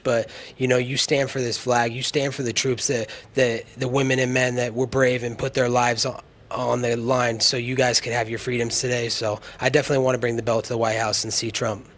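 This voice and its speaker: A man's voice: medium pitch, a bit bright. A man being interviewed, talking brash and combative trash talk. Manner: combative, boastful.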